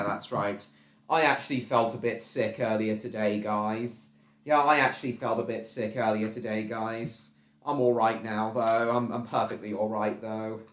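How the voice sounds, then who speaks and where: A man hosting a casual live stream, reading out viewer comments and answering them in a halting way, with lots of ums and repeated phrases. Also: fairly low pitch. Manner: repetitive, halting, restarts phrases, many ums. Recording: roomy echo.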